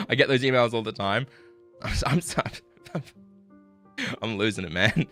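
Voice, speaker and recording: A man ranting on a live stream, frustrated and swearing, apologizing, swinging between loud outbursts and low muttering. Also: moderate pace, long pauses, soft background music.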